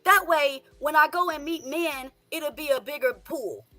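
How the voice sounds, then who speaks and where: A woman, a mother, talking in an excitable, emphatic way with some profanity in casual chat. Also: high voice, measured pace, over loud music. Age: adult mother.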